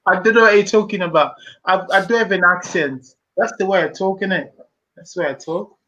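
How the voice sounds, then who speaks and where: Zimbabwean man, high-voiced, halting and thoughtful, muffled call line. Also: bright, forceful tone, a little hiss or hum. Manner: reflective, hesitant with many fillers. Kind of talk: casual group discussion, mixing English and Shona.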